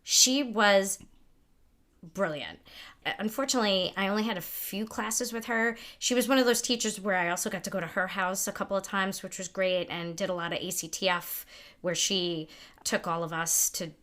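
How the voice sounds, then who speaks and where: A woman's voice: mid-range voice, normal speed. A woman co-hosting a podcast, telling stories in a casual chat and acting out the people she quotes. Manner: animated, lively storyteller who acts out quotes. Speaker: podcast co-host.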